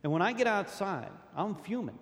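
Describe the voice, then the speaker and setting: A man's voice: high-pitched, sing-song, normal speed. A man sharing a personal story at a recovery meeting, rambling, repeating words and acting out what others said. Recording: long hall reverb.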